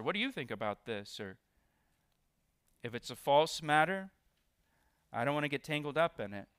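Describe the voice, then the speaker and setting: A male pastor delivering a sermon in an expressive preaching style, hitting key words with extra force. His voice sits somewhat high and sounds bright and crisp. The recording is close and dry. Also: no echo. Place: church.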